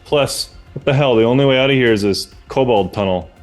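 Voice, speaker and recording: A man's voice: mid-range voice, fairly quick, soft background music, natural voice. A man playing his tabletop character, a blunt, wounded adventurer who grumbles sarcastically and swears. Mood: grumbling. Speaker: player.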